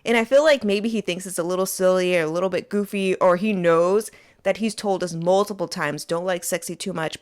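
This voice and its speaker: A woman hosting a casual fan commentary monologue, playful and animated, talking straight to her listeners from a small closet. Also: on the low side. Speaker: host.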